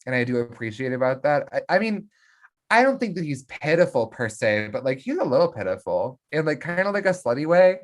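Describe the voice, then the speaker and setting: Podcast co-host, middle pitch, casual film recap, lively, quick character voices.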